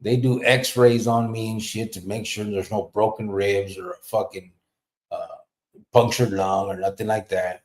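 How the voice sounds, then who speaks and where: A man's voice: fairly low pitch, fairly even intonation, measured pace. Profane storytelling man, roomy sound. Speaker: podcast host. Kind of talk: casual storytelling. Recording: roomy echo.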